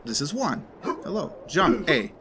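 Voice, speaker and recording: A man's voice: a little high, big pitch swings, unhurried, noisy background. A man hosting a let's play, chatting casually and rambling as he plays, often correcting himself mid-sentence. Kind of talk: casual game commentary.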